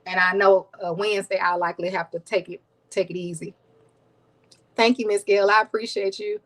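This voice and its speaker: Woman, live-stream host, soothing voice, chatty, laughs a lot, middle pitch. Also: fairly even intonation, normal speed, fairly bright tone, low-quality recording. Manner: chatty, laughs often, thanks viewers by name. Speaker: cooking channel host. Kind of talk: casual live-stream chat with viewers.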